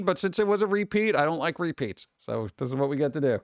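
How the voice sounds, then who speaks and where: A man's voice: fairly high pitch, a little fast, hardly any pauses, fairly bright tone, faint music behind. A man from New York streaming casually, reacting to chat with sarcastic, mumbled asides.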